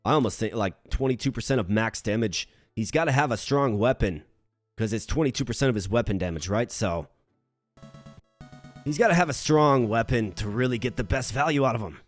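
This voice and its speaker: A man from Minnesota streaming a game, chatting with his viewers and thinking his moves through out loud. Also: brisk, no room sound, soft background music. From Minnesota, United States. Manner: animated when greeting chat, low and muttering while planning moves. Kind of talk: live-streamed game commentary.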